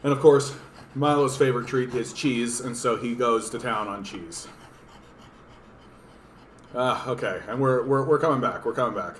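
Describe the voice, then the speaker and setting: A man hosting a casual home livestream, chatting to viewers and cooing softly to his pet dog. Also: mid-range voice, moderate pace, long pauses. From Canada. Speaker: livestream host. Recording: roomy echo, faint room noise.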